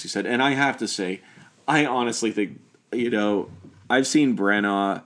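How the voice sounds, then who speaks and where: A man in casual conversation, speaking with lively enthusiasm and agreeing readily. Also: fairly low pitch, a little slow. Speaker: podcast co-host discussing a film.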